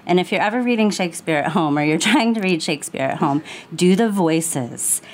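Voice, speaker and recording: A woman in her thirties chatting in a lively, playful way, laughing often. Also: fairly low pitch, a little fast. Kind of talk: casual panel chat.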